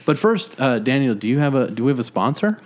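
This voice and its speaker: A man's voice: medium pitch, sing-song, fast, darkish tone. Rambling, jokey podcast host man. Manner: self-deprecating, jokey, rambling with many fillers. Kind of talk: casual joking podcast chat. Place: living room.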